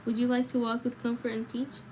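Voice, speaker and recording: A composed mother from a storybook, calm and measured, read by a woman in a near-natural voice. The tone is dark and mellow. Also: fairly high pitch, slight background noise, voice pushed up, lightly acted, poor audio.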